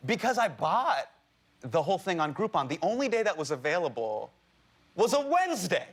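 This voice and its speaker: Animated man telling a comic story. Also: high voice. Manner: acts out voices in quoted dialogue, fast and playful. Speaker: comedian guest. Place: television studio with a live audience.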